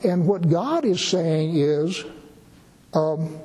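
Husky-voiced pastor preaching in a reverberant hall. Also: male voice, a little high, unhurried, warm tone. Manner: folksy, conversational preaching with asides. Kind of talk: sermon. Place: church gathering in a borrowed building.

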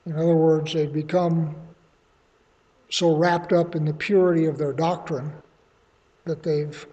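High-voiced man preaching in an echoing hall. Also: level tone, unhurried, warm tone. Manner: conversational teaching, folksy asides. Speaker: pastor. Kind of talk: sermon with scripture reading. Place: church hall. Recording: dull sound in a long-echo hall.

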